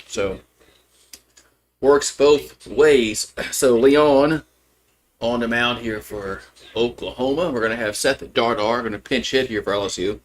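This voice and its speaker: A man calling a live baseball game as a fan streamer, openly rooting for his team, chatty and loose, with rambling asides between pitches. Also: measured pace. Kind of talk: live baseball play-by-play commentary.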